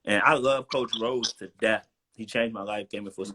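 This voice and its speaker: A man's voice: lowish voice, normal speed, noisy background. Slangy young man telling a story. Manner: animated storyteller, slangy, acts out quotes. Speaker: guest, former college football player. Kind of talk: casual storytelling interview. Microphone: video call.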